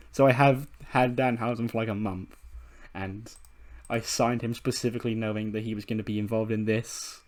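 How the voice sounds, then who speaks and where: A man's voice: on the low side, a little mellow. A man casually narrating a wrestling management game in a loose, rambling way, swearing freely. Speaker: let's play creator.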